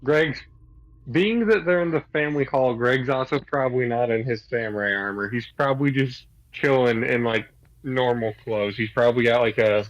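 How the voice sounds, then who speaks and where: A man's voice: medium pitch, fairly quick, dull audio. A man playing a tabletop game, chatting casually and describing his character with a lot of hesitation. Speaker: player.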